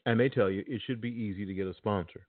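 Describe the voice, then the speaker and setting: A man's voice: fairly low pitch, fairly even intonation, quick pace, dry recording, narrow, tinny audio. A man hosting his own podcast talk show, chatting casually and bluntly to his listeners. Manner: blunt and opinionated, speaks directly to listeners. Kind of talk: casual spoken monologue.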